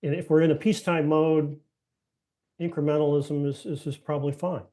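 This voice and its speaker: A man's voice: fairly high pitch, little pitch movement, brisk, warm tone. A man answering as a panelist, starting hesitantly and then thinking aloud.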